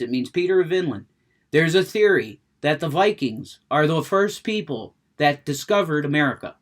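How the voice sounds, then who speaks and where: A man's voice: on the high side, a bit bright. A man rambling about video games in a casual monologue, stammering, restarting sentences, cursing freely. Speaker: gaming vlogger.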